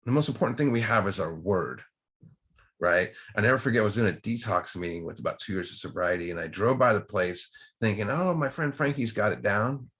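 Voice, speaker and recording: A man's voice: low-pitched, a little fast, a bit bright. A man speaking to a recovery study group in a casual, rambling way with many restarts. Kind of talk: casual talk.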